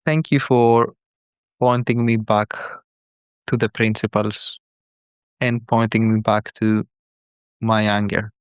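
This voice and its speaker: A man calling in as a father, speaking earnestly and haltingly in a call-in conversation. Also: lowish voice, level tone, smooth, no echo, studio quality. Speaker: caller, father.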